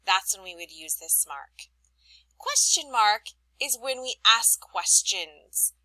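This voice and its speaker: A woman teacher speaks to young children in a recorded lesson, with a bright, clear voice. Her pitch rises and falls a lot as she reads her examples with plenty of expression. The sound is dry and close. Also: takes it slowly, no echo, rough recording. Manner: clear, expressive reading aloud to young learners.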